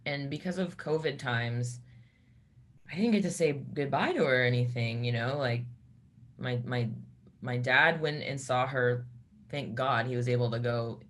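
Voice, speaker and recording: A woman who sings in a metal band, speaking in a casual interview and telling a personal story haltingly, with many restarts. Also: a bass voice.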